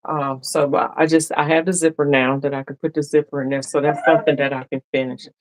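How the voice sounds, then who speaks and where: A woman's voice: low-pitched, little pitch movement, fast, no room sound. A woman hosting a casual sewing live stream who chats and laughs with her viewers, speaking. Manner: chatty, laughing, talks to viewers directly.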